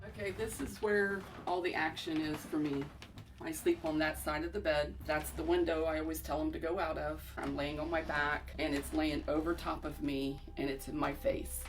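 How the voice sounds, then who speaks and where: A middle-aged woman with a low voice and fairly even intonation speaks at a moderate pace about the scary events in her house. It's a paranormal show, and she comes across as earnest and anxious, repeating herself often. Faint noise and echo fill the room.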